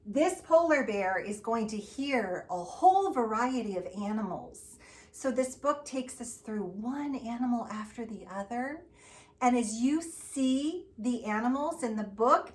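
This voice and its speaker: A woman teacher reading a picture book aloud to young children, animated and coaxing them to join in with animal sounds. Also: on the high side. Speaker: preschool teacher.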